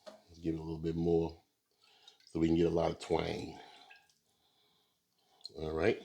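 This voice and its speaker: Low, dark-voiced man at the grill. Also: unhurried, vocal fry, a little hiss or hum. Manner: relaxed, talks to viewers with many fillers. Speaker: barbecue video host. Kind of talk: casual cooking demonstration.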